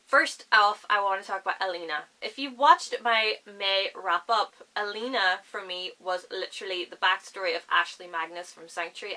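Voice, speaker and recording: A woman's voice: medium pitch, sharp tone, low-quality recording. A woman with a Northern Irish accent, chatting enthusiastically and rambling to camera about books. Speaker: book vlogger. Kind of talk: casual chat to camera.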